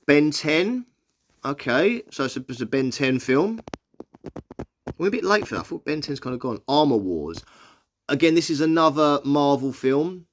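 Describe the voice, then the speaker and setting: Lively chatty man. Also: fairly high pitch, a little hiss or hum. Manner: chatty, reads out listings haltingly and reacts. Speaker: movie vlogger. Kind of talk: casual reaction commentary.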